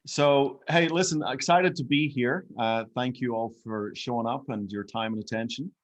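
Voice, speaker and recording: A man's voice: medium pitch, moderate pace. A man from Northern Ireland with a Northern Irish accent, giving an upbeat, emphatic business training talk over a home video call and repeating his key points.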